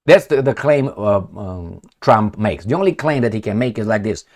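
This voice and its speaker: A man's voice: on the low side, expressive, normal speed, hardly any pauses, darkish tone. A man giving rambling, sarcastic political commentary on his own, swearing and laughing often.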